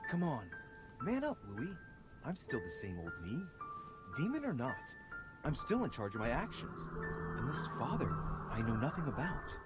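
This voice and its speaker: A brooding young French nobleman talks himself through a shock in a story game. His French accent rides a lively, swinging pitch at a middle height. Soft music plays beneath him. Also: moderate pace, long pauses. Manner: brooding inner monologue, self-urging. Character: young nobleman reeling from learning he is a demon. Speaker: game character. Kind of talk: video game voice acting.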